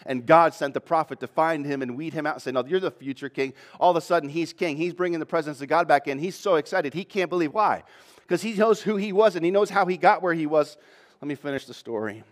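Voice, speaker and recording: A man preaching a sermon in a slightly higher-than-usual voice. He reads a passage, then stops to explain it, and now and then acts out the people he quotes. His delivery builds toward more and more intensity. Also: fast.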